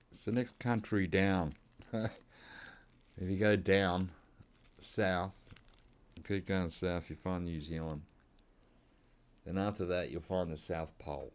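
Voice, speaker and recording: A gaming channel host, an Australian man with a low, slightly mellow voice, rambles casually as he plays a hunting game. His gameplay commentary keeps drifting into side chat.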